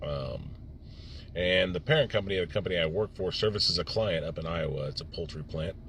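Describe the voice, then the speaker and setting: Low male voice, relaxed storyteller, faint noise. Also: a little fast. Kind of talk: casual chat.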